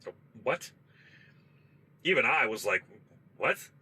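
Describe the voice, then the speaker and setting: A man's voice: lowish voice, normal speed, bright, forceful tone, rough recording. A man, a trucker, telling a spooky story in a loose, profane, conversational way from his parked truck. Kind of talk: casual spoken storytelling.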